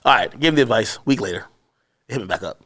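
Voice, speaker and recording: A man's voice: on the low side, expressive, fast, a bit bright. A man being interviewed, telling a rambling anecdote in casual, profanity-laced speech. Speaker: interview guest, media personality.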